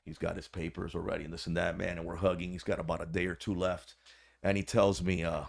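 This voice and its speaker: A man telling a story in a low voice with a gravelly, fry-laden edge. He is a podcast guest and former corrections officer. His talk is animated, slangy and full of swearing. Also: quick pace. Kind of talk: casual storytelling.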